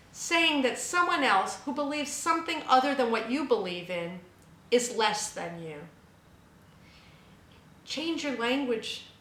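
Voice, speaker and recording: A woman's voice: on the high side, a bit bright, reverberant, slight background noise, poor audio. A woman hosting a spiritual radio show, speaking in an emphatic, impassioned monologue that rises to fervent peaks. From United States.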